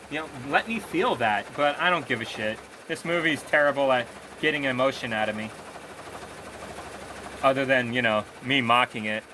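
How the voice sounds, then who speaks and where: A man's voice: on the high side, moderate pace, pushed and bright, a little hiss or hum. Profane sarcastic man ranting. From Korea. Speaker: movie reviewer. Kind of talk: casual ranting video review.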